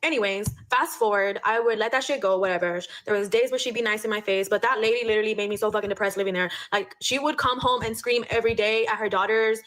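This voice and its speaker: A woman's voice: mid-range voice, quick pace, few pauses, a bit bright. A young woman telling a casual storytime, blunt and profane, dropping Spanish phrases into her speech.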